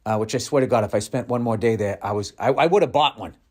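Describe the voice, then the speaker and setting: A man's voice: mid-range voice, fast, a little mellow. A middle-aged male comedian telling a rambling, profane, self-mocking story in a podcast monologue.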